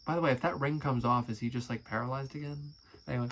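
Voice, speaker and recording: A man's voice: mid-range voice, steady tone, fast talker, a bit bright, a little hiss or hum, low-quality recording. A man casually reading aloud and commenting, amused and chatty, swearing now and then. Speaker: musician and video creator.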